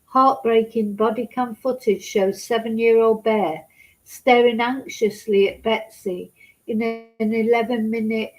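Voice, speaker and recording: A woman's voice: on the high side, fairly even intonation, unhurried, low-quality recording. Chatty woman vlogger, emotional. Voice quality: soft-spoken, chatty, hesitant with many fillers. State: emotional, getting upset. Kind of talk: reading news aloud with personal asides.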